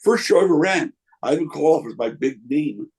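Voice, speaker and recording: Older man, gravelly, raspy, interview guest, candid storyteller. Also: on the high side, animated, fairly quick, a little mellow, poor audio. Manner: candid, anecdotal, quotes others in voices. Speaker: interview guest, wrestling promoter.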